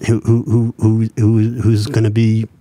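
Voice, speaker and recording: A man's voice: on the low side, completely flat delivery, a little slow, dark tone, no room sound. A man hosting a podcast, talking casually about a court case, with many restarts and repeated words. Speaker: podcast host. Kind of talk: casual political chat.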